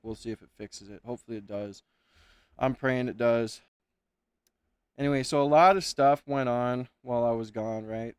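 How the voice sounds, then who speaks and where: A man's voice: medium pitch, darkish tone, clear, resonant tone, dry recording. Frustrated man rambling on a livestream. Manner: frustrated, rambling, swears then corrects himself. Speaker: livestream host. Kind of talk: casual livestream chat. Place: home room. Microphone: webcam setup at home.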